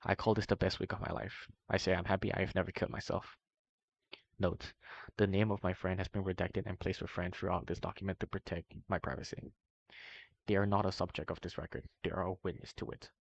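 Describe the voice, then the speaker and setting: A man reading a long document aloud in a steady way, now and then stumbling and correcting himself, in a dull, slightly muffled recording. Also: sits low, fast talker, vocal fry, slightly rough, no room sound. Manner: steady reading with small slips and self-corrections. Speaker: reader of a document. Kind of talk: long read-aloud narration.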